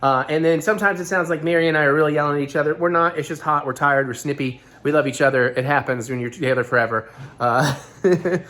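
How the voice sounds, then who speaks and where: Fast-talking hoarse man vlogging. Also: a little high, bright, forceful tone. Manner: rambling, talkative, self-deprecating asides. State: hoarse, gravelly voice. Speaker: vlog host. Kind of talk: casual vlog chat.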